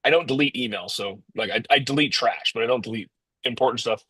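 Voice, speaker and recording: A man's voice: medium pitch, quick pace, pushed and bright, slightly rough, dry recording. A man telling a motivational story in a casual, rambling way, often restarting and calling his listeners guys.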